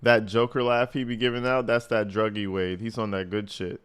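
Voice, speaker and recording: A man giving casual, profane reaction commentary, mocking and animated. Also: lowish voice, normal speed, smooth. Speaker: commentary host.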